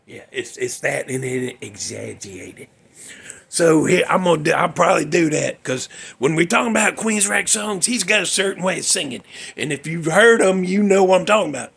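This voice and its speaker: A man chats loosely about music as a show host, drifting off and poking fun at himself. His voice is gravelly and a touch husky. It sits a little high for a man. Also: animated, moderate pace, fairly bright tone. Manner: rambling, self-mocking, loses his place. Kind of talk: casual chat.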